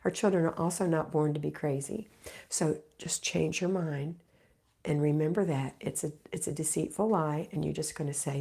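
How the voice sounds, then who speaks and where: Gravelly-voiced woman hosting a livestream. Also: low voice, normal speed. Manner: encouraging, motherly, reads comments aloud and answers warmly. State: recovering from illness. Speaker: homemaking livestream host. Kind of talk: live Q&A reading viewer comments.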